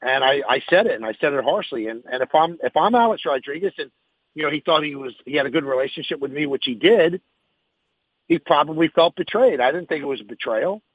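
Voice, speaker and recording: A man's voice: a little high, animated, fast talker, husky, dry recording, dull audio. A man who hosts sports radio, answering interview questions frankly and emphatically, thinking aloud as he goes.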